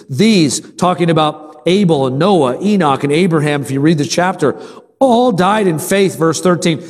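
A man with a high-pitched voice preaches to his congregation, asking them questions and pausing for their replies. He repeats key lines for emphasis, and his voice rings out with a long hall reverb. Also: darkish tone. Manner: call-and-response with the congregation. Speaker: pastor. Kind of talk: sermon.

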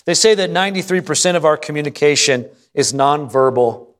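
Male pastor preaching a sermon, fairly high-pitched, calls out to the congregation for responses. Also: expressive, brisk. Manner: reads scripture aloud and acts out an anxious prayer.

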